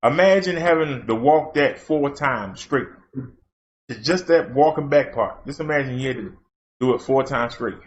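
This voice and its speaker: A man's voice: mid-range voice, normal speed. A man, hosting his channel and telling a rambling, folksy story in casual chat, full of fillers. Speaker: channel host. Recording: dull lo-fi sound.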